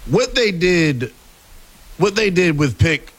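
A man co-hosting a sports talk radio show, giving measured analysis with many pauses. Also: high voice, sing-song.

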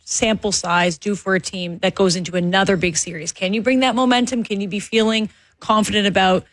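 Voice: medium pitch, steady tone, a little fast, fairly bright tone, dry recording. A sports radio host interviewing a guest in a casual way and asking long questions with several parts. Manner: long, multi-part questions, easygoing.

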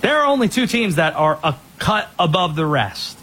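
A man hosting a sports talk show, giving energetic, opinionated rundowns of players and teams. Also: high voice, moderate pace, husky.

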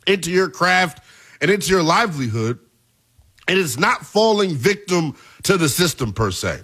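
Hyped young man, high lively voice. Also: normal speed. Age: 20s. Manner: emphatic, hyped, shouting at peaks. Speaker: sports show host. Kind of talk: animated sports talk commentary.

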